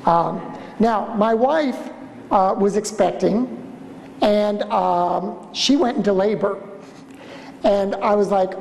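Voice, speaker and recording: A man giving a storytelling conference lecture as a museum director, an animated speaker who acts out the voices in his stories. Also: high voice, takes it slowly, gravelly, long pauses. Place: conference hall. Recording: reverberant lecture hall.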